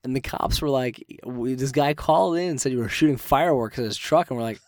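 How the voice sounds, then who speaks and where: A man's voice: mid-range voice, fast talker, dry recording, clean studio sound. A man co-hosting a podcast, telling stories animatedly, swearing freely and acting out the quotes. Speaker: podcast co-host. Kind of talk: casual storytelling chat.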